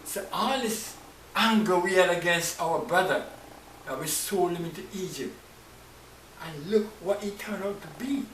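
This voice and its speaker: A man's voice: sits high, a little slow, fairly bright tone. A male preacher voicing guilty biblical brothers realizing what they did, rueful and astonished. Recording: roomy, distant mic, faint hiss.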